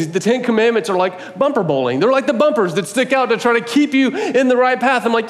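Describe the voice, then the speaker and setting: A man preaching a sermon as pastor, telling the story with animated quotes and asides. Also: very high-pitched, fast talker, few pauses, long reverb tail. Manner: animated storytelling, voicing God and others in quotes. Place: church sanctuary.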